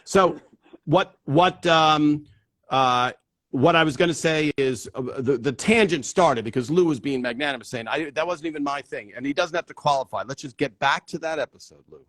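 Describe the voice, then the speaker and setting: A man's voice: on the high side, normal speed, fairly bright tone, no echo. A man hosting a casual interview, chatty and prone to digressions. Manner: chatty, digressive, laughs often. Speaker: host.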